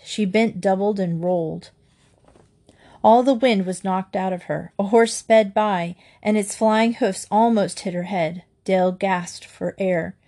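A woman's voice: medium pitch, a little mellow. Woman reading a storybook aloud. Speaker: narrator.

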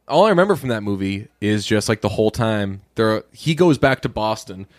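A man's voice: on the low side, fairly quick, no echo, clean studio sound. A man co-hosting a podcast in casual chat, jokey and given to acting out mocking voices. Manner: jokey, acts out mocking voices in animated bursts. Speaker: podcast co-host.

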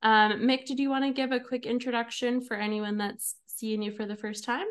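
A woman's voice: on the high side, flat delivery, normal speed. A young woman hosting a podcast, chatting casually with friends and laughing often. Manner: giggly, chatty, many "like"s. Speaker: podcast host. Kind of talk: casual chat.

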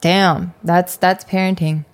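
A woman's voice: lowish voice, little pitch movement, slow pace. A woman co-hosting a podcast, chatting casually about parenting, swearing freely, with lots of fillers. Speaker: podcast co-host.

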